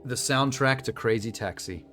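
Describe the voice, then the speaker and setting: A man's voice: mid-range voice, moderate pace, fairly bright tone, faint music behind. A man streaming a video game, chatting casually and rambling through asides with a self-deprecating humor. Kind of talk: casual live-stream commentary.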